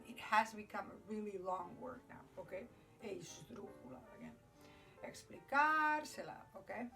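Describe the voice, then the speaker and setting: A woman with a mid-range, fairly bright voice teaches Spanish grammar at a noisy whiteboard in a classroom. She explains patiently in English, offers Spanish examples, and frequently asks "okay?"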